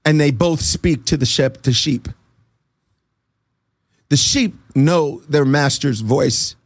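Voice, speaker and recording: A man being interviewed who gives an earnest, animated faith testimony and acts out the dialogue in his stories. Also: a little high, slow pace, dry recording. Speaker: interview guest.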